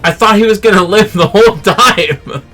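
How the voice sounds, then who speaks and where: A woman streaming a game, excitable, swearing and laughing as she reacts. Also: medium pitch, normal speed, faint music behind. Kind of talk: casual let's-play chat.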